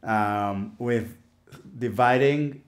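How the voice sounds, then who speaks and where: A man's voice: medium pitch, extremely slow, reverberant. A man teaching a casual guitar lesson, encouraging and counting rhythm syllables aloud.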